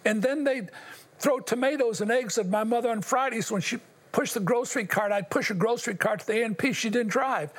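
Older male guest, husky tone, earnest and halting, testimony-style storytelling. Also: extremely high pitch. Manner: earnest, halting, with long pauses. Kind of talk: personal testimony in an interview.

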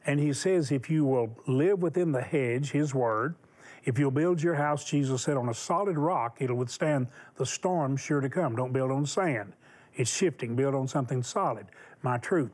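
Male TV show host, husky tone, preachy and emphatic. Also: mid-range voice, moderate pace, a little mellow. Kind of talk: Christian TV talk show conversation.

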